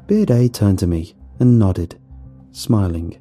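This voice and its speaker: A man's voice: lowish voice, takes it slowly, warm tone, soft background music. A man narrating a first-person horror story in a wry, nervous storytelling manner.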